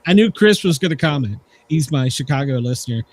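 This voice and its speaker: Husky host asking short questions. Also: mid-range voice, animated, a little fast. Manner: brief friendly prompts and follow-up questions. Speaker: show host. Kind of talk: casual interview chat.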